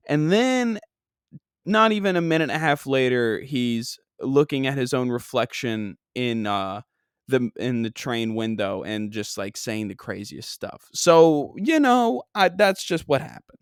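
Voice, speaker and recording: A man's voice: medium pitch, expressive, a little slow, clear, resonant tone, no room sound, studio quality. A man hosting a podcast on his own, telling a comedic story in a rambling, self-deprecating way with lots of restarts. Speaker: podcast host. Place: New York.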